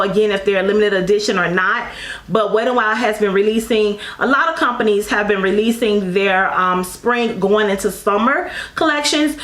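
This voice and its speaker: A woman's voice: a little high, fairly bright tone. A woman reviewing makeup in a casual, effusive way, calling her viewers girl and honey and often apologizing in rambling asides. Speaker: beauty vlogger. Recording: echoey room.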